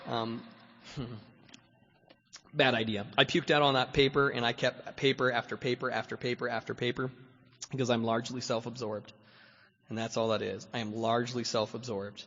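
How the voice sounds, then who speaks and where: A man speaking as guest at a recovery meeting, telling his story in a lively way and acting out what other people said, getting loud when excited. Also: medium pitch, normal speed. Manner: animated, acts out voices of others, grows loud when excited. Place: meeting hall. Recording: echoey hall, dull lo-fi recording.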